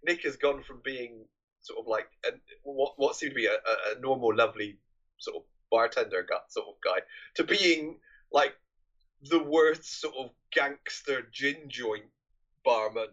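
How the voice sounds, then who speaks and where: A man co-hosting a casual film podcast, talking in a relaxed way and often trailing off mid-sentence. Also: medium pitch, measured pace, highs cut off. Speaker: podcast co-host.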